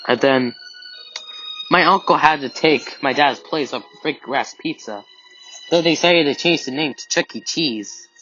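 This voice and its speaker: A man telling an improvised scary story in the first person, halting with restarts and strings of "and then", on a dull lo-fi recording with faint music. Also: a little high, pushed and bright.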